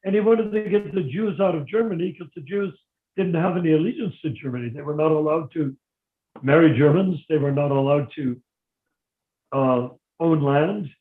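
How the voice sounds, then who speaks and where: A man raised in the United States gives a long answer during a live Q&A, recounting history in a rambling, digressive way. His voice is a little high and moderately paced, heard over a tinny, phone-like line in an echoey room.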